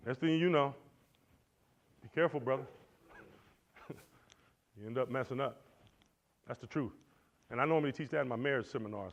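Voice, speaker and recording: A man teaching at a Christian men's conference, animated and preacherly, swinging between loud and soft. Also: a little high, creaky. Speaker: conference speaker. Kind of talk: motivational church teaching. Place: lecture hall. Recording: dull lo-fi recording.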